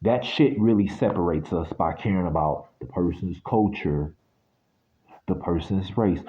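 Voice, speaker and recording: A man's voice: lowish voice, expressive, moderate pace, muffled recording. A man from the United States giving a casual spiritual reading that turns into a blunt, sweary rant. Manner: blunt, ranting, swears freely.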